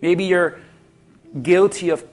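A man preaching a sermon as pastor, calling out to the congregation and bringing them to a quiet prayer. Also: high voice, steady tone, takes it slowly. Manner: preaching with call-and-response, from shouted peaks to a hushed altar call. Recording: music playing under the voice.

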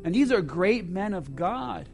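A man preaching a sermon to his church, swinging between loud emphasis and hushed asides. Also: high-pitched, animated, measured pace, creaky, soft background music. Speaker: pastor.

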